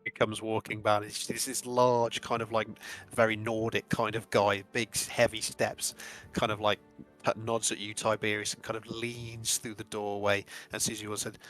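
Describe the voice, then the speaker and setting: A man running a tabletop game session, narrating the scene in a relaxed way with frequent restarts. His voice is low and flat, with a bright edge. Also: normal speed, few pauses, faint music behind. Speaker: game master.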